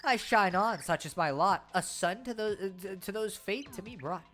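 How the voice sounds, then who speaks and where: A catty, sing-song fairy woman who taunts in rhyme, as a woman streamer reads her lines. The voice sits at an ordinary middle pitch, close to everyday talk. Faint game music plays in the background. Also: normal speed, fairly bright tone, natural voice. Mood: rhyming. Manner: rhyming, taunting delivery.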